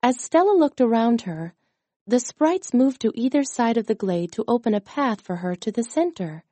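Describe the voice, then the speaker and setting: A woman narrates a storybook aloud, reading slowly and carefully. Her voice sits a little high but sounds soft and mellow. The recording is dry and close, with no room sound. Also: no echo. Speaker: audiobook narrator.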